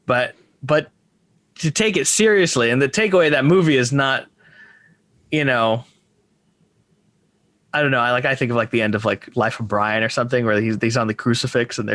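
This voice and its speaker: A man's voice: medium pitch, normal speed, long pauses, fairly bright tone, no echo. Man musing in a dry podcast recording. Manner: rambling, full of restarts and hesitations. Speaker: podcast co-host. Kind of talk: casual film discussion.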